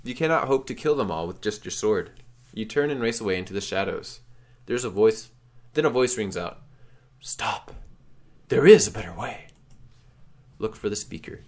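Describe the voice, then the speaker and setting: A man's voice: medium pitch, lively intonation, brisk. A man reading a text adventure game aloud with drama, calling out his choices. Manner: dramatic, shouts choices out loud. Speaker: game streamer.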